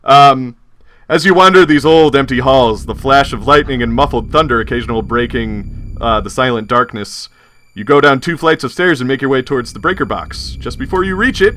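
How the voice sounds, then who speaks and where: A man narrating a tabletop horror game as game master, casual and quick to laugh. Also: mid-range voice, fairly bright tone, a little hiss or hum.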